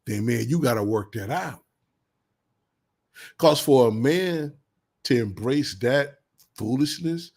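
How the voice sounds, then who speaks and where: A man's voice: mid-range voice, lively intonation, slow pace, pauses often, darkish tone, slightly rough. Blunt slang-heavy man lecturing. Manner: blunt, preachy, heavy slang, repeats insults with bursts of laughter. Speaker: commentary vlogger. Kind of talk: casual advice monologue.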